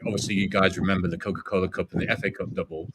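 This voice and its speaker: Low-voiced man with a faint Yorkshire accent. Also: steady tone, very fast, noisy background. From Yorkshire, England. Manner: rambling, sweary, laughs easily. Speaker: fan stream host. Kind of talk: casual chat.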